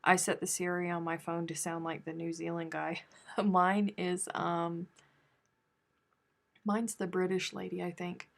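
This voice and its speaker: A woman's voice: on the low side, steady tone, takes it slowly, gravelly. A woman hosting a casual crochet livestream, chatting playfully with viewers and reading their comments aloud. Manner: chatty, playful, drawling Southern turns of phrase.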